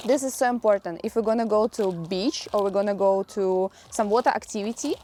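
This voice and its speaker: A woman's voice: mid-range voice, dark tone. A young woman with a Russian accent, casually showing her packing in a travel vlog and laughing often. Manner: laughs often, lists items briskly. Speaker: vlogger.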